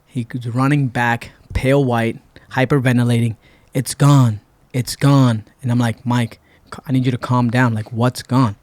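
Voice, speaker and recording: A man's voice: mid-range voice, normal speed, few pauses, no room sound. A man from Puerto Rico, a guest on a podcast, telling a long story in a casual way and acting out what people said. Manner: relaxed, retells events with quoted dialogue. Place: podcast studio.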